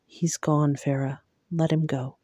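A woman reading the part of a weary, grieving male fae lord in a low, soft, drained voice. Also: little pitch movement, a little slow, no room sound, studio quality. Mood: weary grave.

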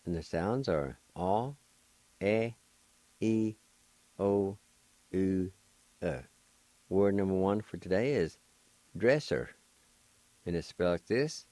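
A man hosting a language lesson, patiently spelling and pronouncing each word slowly and more than once, and encouraging his listeners. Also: low-pitched, expressive, dark tone, no room sound. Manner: slow, deliberate spelling and repeated pronunciation. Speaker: language teacher and host.

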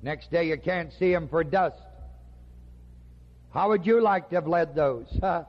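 A man preaching a sermon slowly and emphatically, with dramatic pauses. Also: fairly high pitch, animated. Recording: dull lo-fi recording with long hall reverb.

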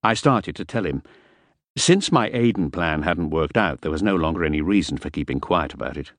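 A man's voice: a bass voice, expressive, brisk, fairly bright tone, dry recording. A man narrating a novel in the first person, with a wry, self-justifying manner. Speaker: audiobook narrator.

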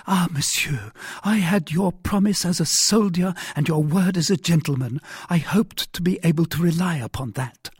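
A man voicing a young woman who speaks with urgent reproach, his pitch raised. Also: a little slow, few pauses, dark tone, husky, no echo, studio quality. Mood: reproachful. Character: young woman, a pleading mercer's wife.

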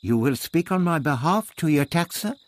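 A man's voice: on the high side, expressive, moderate pace, pitched above the performer's own voice, lightly acted. A man voicing a proud, formal male Aztec warrior who speaks in a stately way.

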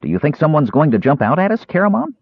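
A man voicing an eager, excitable small male kender who exclaims in a shrill voice. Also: brisk, husky, no room sound, heavily acted. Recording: tinny lo-fi narrow band.

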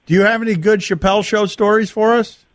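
A man hosting an interview show, asking questions in a relaxed way and reading out tour dates. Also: high-pitched, quick pace. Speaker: host.

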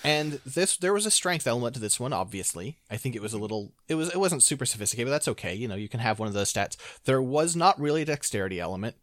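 A man's voice: medium pitch, expressive, quick pace, hardly any pauses, a bit bright, no room sound. A man co-hosting a podcast, talking things through in a thoughtful, hedging way with many restarts. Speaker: podcast co-host. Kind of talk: casual chat.

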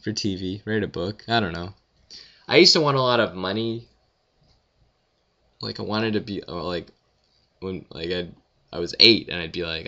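A young man rambling through listener questions in a casual audio Q&A, with deadpan self-deprecating jokes. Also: sits low, moderate pace, vocal fry, pauses often, lo-fi sound. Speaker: vlogger answering questions.

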